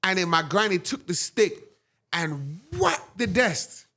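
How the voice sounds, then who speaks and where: A man, a guest on an interview show, telling a personal story with dramatic, animated delivery and frequent "right?"s. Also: high-pitched, slow pace, creaky.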